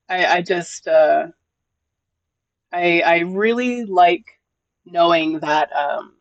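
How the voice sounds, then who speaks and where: Chatting casually with viewers, this live streamer sounds gentle, emotional and encouraging, often repeating words as sentences begin. The medium-pitched voice has no echo, though the recording quality is low.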